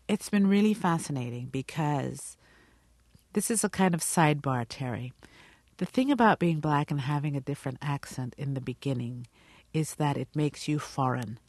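A woman's voice: low voice, no echo. Thoughtful British-accented middle-aged woman, dry sound. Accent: British English. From Guyana. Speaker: actress, interview guest. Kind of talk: radio interview.

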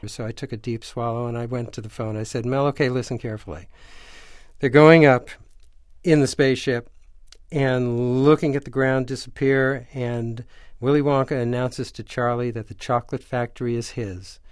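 Medium-pitched and speaking at normal speed, the older screenwriter tells an anecdote during a radio interview, voicing the people in it with animation. The recording is dry and studio quality.

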